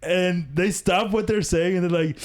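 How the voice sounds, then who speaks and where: A man's voice: sits high, steady tone, moderate pace. A man hosting a podcast, telling a funny story in a slangy way, laughing often and acting out what people said. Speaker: podcast host. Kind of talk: casual storytelling chat.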